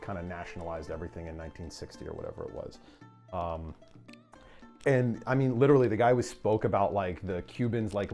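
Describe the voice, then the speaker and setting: A man's voice: lowish voice, darkish tone. A man streaming a game speedrun, chatting casually and telling rambling, self-deprecating stories full of fillers. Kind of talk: casual chat during a livestream.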